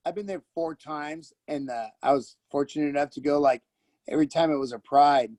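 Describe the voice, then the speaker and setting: A man's voice: fairly high pitch, brisk, a little mellow. A man co-hosting a casual chat, telling an enthusiastic, profane story. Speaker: podcast co-host.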